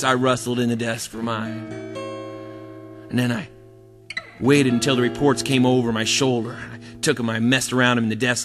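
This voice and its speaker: A male storyteller telling a funny school story in an animated way, sometimes singing. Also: mid-range voice. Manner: animated, sings the silly song. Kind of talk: live storytelling to music. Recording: reverberant hall, guitar behind.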